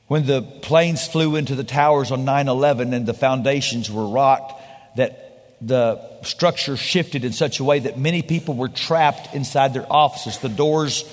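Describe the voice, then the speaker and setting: A man preaching a sermon as pastor, swinging between loud emphatic lines and hushed, slow ones. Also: medium pitch. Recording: large hall with long reverb.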